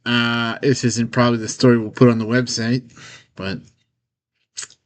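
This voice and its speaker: A man speaking to his own camera in a loose, rambling vlog, piling up fillers as he tells a long anecdote. His voice sits at an ordinary middle pitch for a man, and he slips in the occasional nervous laugh along the way. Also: little pitch movement, a little slow. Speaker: software founder telling a personal story. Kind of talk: casual storytelling vlog to camera.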